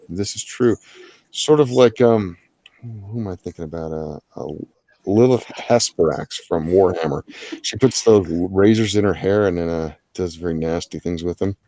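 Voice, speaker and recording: A man's voice: deep voice, normal speed, dark tone, no echo. A man hosting a live drawing-challenge stream, chatting casually with plenty of filler and joking asides. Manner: rambling, filler-heavy, jokey asides. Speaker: livestream host of a drawing challenge. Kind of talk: casual livestream commentary.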